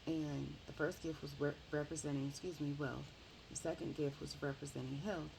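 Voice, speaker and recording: A woman casually retelling a book's plot in a rambling, animated way, often correcting herself. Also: low-pitched, moderate pace, creaky, background noise. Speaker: book reviewer. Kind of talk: casual book review.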